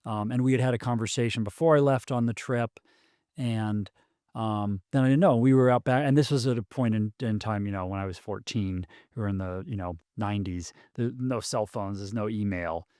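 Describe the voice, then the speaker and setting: A man's voice: lowish voice, warm tone, clean tone, no echo. Guy in his 40s, guest on a podcast, stops and restarts a lot, dry close sound. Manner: halting, restarts often, many ums. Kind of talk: casual storytelling conversation.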